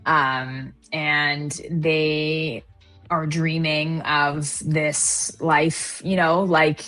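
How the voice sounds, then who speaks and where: A woman's voice: deep voice, flat delivery, very slow, fairly bright tone, soft background music. A woman from Canada telling personal trading stories in a casual, reflective chat. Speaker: trader guest or co-host. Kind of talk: casual live-stream chat.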